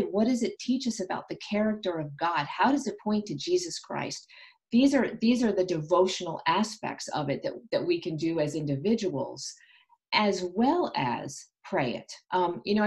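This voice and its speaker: A woman's voice: lowish voice, darkish tone. A middle-aged woman, an author being interviewed on the radio, speaking earnestly and reflectively with frequent restarts. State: insomniac.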